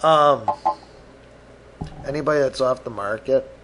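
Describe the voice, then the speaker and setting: With an expressive, medium-pitched voice at normal speed, a man delivers a rambling solo podcast monologue over background noise. He swears plenty, pokes fun at himself, skips around topics, and says his mood is grumpy.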